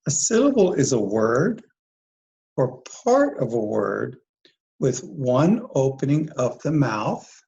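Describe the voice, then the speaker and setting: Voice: mid-range voice, big pitch swings, takes it slowly, vocal fry, a little mellow, lo-fi sound. A teacher giving a recorded phonics lesson, speaking patiently, repeating each word and asking the listener questions. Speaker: dyslexia teacher.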